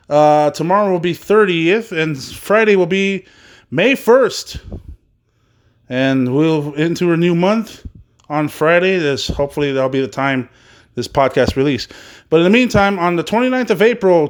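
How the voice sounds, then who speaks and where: A man's voice: fairly high pitch, darkish tone. Rambling man hosting a wrestling podcast. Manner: rambling, loose, swears casually, many fillers. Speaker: podcast host. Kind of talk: casual wrestling news podcast.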